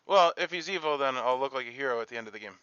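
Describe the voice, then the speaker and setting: A man's voice: mid-range voice, expressive, rapid-fire, sharp tone, clear, resonant tone, dry recording, lo-fi sound. A man playing a social deduction game over a voice call, chuckling and mocking himself. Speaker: player. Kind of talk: casual game banter.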